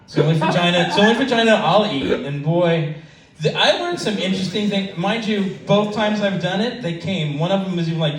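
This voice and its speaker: A man's voice: high voice, expressive, fairly quick. A middle-aged man doing a stand-up comedy set at an open mic, telling crude stories in a rambling way with lots of fillers. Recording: echoey club from a distance. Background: audience laughter.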